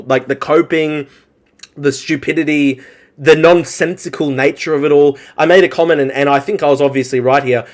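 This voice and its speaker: A man rants on a live reaction stream, his voice pitched a little high. He speaks with scorn and heavy profanity, piling mockery onto his opponents. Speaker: political streamer.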